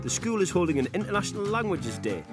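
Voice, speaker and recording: A man's voice: sits high, very animated, quick pace. A man giving playful, wry scripted narration for a documentary. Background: background music.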